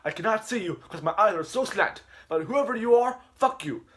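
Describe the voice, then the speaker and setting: Guy doing a high loud teacher voice, yelling and cussing at the class. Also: animated, a little fast, slight background noise. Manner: yelling, swearing. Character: loud angry male teacher, shouts at class.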